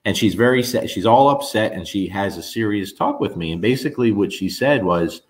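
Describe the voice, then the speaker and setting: A middle-aged host from New Jersey chats casually with viewers, telling stories in an animated, rambling way and often restarting his sentences. His voice is lowish and his pace brisk.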